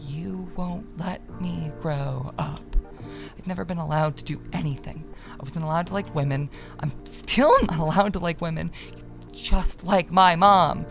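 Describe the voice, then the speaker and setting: A woman's voice: on the low side, unhurried, creaky, music in the background. A woman doing an exasperated young college girl. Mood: frustrated. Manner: defensive, exasperated. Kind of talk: visual novel read aloud.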